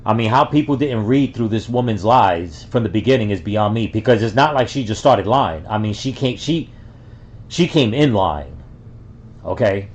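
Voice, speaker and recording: A man's voice: on the low side, lively intonation, normal speed. A man from the Bronx giving casual reaction commentary, rambling with many fillers and restarts. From the Bronx, New York. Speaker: reaction video host. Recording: dull lo-fi sound.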